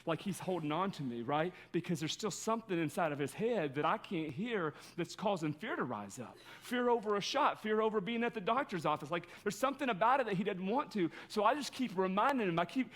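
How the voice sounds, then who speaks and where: A man's voice: high-pitched, animated, a little fast, hardly any pauses, a bit bright. A male pastor giving a conversational sermon, telling a personal story in an earnest way.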